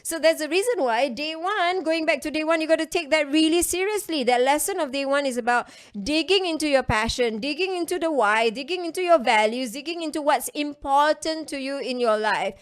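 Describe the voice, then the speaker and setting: A woman's voice: high-pitched, a little fast, few pauses. A woman with a Singaporean English accent gives a chatty coaching talk to an online class, stressing points by repeating phrases.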